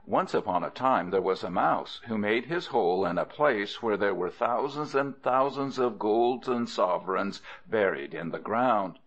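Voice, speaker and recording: A man reads folk tales in a low voice, with pitch that rises and falls expressively. He drops in playful asides to the listener. The recording sounds dull and lo-fi. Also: animated, unhurried, few pauses, fairly bright tone. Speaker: audiobook narrator. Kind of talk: storybook narration. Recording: dull lo-fi audio.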